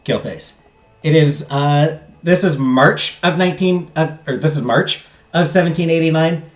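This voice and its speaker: While playing a text game on stream, a man with a fairly high voice reads the narration at a measured pace and chats with viewers. Between passages he cracks self-deprecating jokes, and the recording picks up roomy echo and faint game music.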